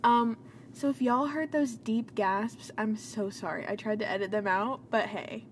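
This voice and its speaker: Young woman podcast co-host, bedroom setup, higher voice, animated, dramatic. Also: a little slow, slight background noise. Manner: animated, laughing, dramatic storytelling. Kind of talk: casual chat. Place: dimly lit bedroom.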